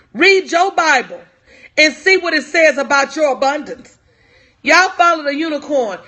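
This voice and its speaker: Woman coach on a livestream, super high bright voice, preachy and repeats herself. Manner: preachy, repeats lines for emphasis; talks to viewers in chat by name. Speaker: life coach. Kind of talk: live-stream motivational talk.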